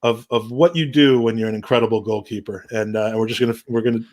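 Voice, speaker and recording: A man's voice: lowish voice, steady tone, fast, darkish tone. A man hosting a casual football podcast, rambling with many restarts and dry, wry humor. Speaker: podcast host.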